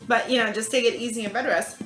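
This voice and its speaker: A young woman telling a personal story in casual chat, animated and quick to act out what others said. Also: fairly high pitch. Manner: chatty, animated, acts out quotes. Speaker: vlog co-host, mother. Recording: echoey room with music behind.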